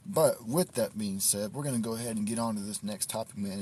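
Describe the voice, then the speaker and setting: A man's voice: on the low side, brisk, few pauses, a little mellow, a little hiss or hum. A man hosting a casual livestream outdoors at night in the cold, talking on a phone in a laid-back, reflective way. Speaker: livestream host.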